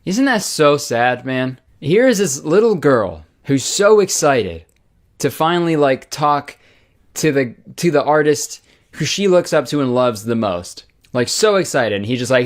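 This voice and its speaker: A young man riffing in comedic commentary, his voice swooping up and down in mock outrage as he swears and jokes. Soft music plays faintly under him. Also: medium pitch, very animated, unhurried. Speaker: commentary YouTuber.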